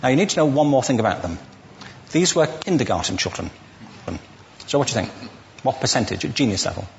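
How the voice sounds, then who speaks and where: A man's voice: medium pitch, sing-song, brisk, gravelly, long reverb tail, slight background noise. A man giving a witty, conversational lecture to a live audience, asking the listeners questions as he goes. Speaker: public speaker.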